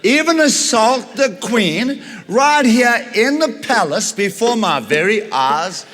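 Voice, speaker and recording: A man voicing an outraged, commanding ancient king, speaking slowly and indignantly in a raised voice. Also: sits high, lively intonation, fairly bright tone, big-room sound, a little hiss or hum, pitched above the performer's own voice, exaggerated voice.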